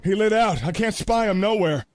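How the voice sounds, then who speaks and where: A man voicing a rough frontier gunman in a radio play, talking bluntly in folksy slang. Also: high-pitched, lively intonation, moderate pace, very noisy. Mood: urgent. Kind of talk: community radio play acting.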